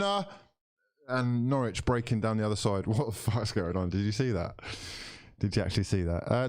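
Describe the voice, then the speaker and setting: A man doing live commentary for his football watchalong stream, switching between mock commentator patter and loud, excited outbursts. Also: lowish voice, no echo, studio quality.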